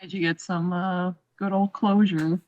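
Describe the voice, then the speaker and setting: A woman playing a tabletop game, talking casually in an excitable way with frequent laughs. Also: fairly low pitch, unhurried, dull audio. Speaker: player.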